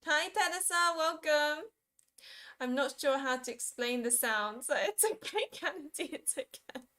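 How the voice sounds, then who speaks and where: A woman's voice: high voice, lively intonation, unhurried, sharp tone. A young woman chatting casually on a live stream, giggling often as she reads and answers viewers' messages. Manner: giggly, reads and answers chat, plays with pronunciations.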